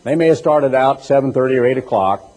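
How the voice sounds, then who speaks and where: A man preaching a sermon in an animated, teasing way, acting out mocking voices as he goes. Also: mid-range voice, quick pace. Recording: echoey hall with long reverb.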